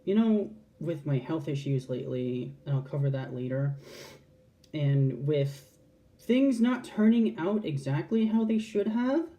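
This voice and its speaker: A woman's voice: low-pitched, expressive, unhurried, dark tone. A trans woman talking frankly to camera in a casual, heartfelt vlog, swearing freely and restarting her sentences. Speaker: vlogger.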